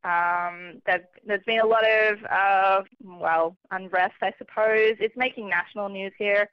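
A woman, calling in as a travelling correspondent for a casual radio chat. She is chatty and relaxed, laughs often and pokes fun at herself. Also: mid-range voice, a little slow, clear, resonant tone, no echo. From Australia. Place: calling in from far away. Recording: dull lo-fi phone line.

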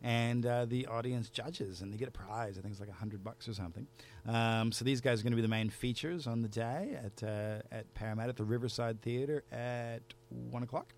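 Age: adult. Role: spoken word poet. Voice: gravelly. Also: male voice, medium pitch, steady tone, a little fast. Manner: rhythmic, theatrical storytelling.

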